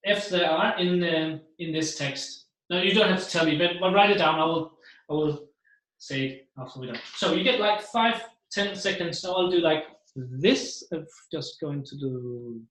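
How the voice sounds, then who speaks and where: Brief: male keynote speaker, animated, slightly high voice, very echoey room. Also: normal speed. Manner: animated, acts out the voices he describes. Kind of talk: seminar talk to an audience.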